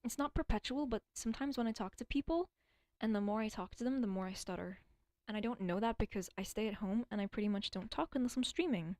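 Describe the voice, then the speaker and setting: A woman's voice: on the high side, fast, darkish tone, no echo. Rambling young woman streamer, dry sound. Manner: rambling, swears often, sometimes stutters. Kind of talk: casual livestream chat.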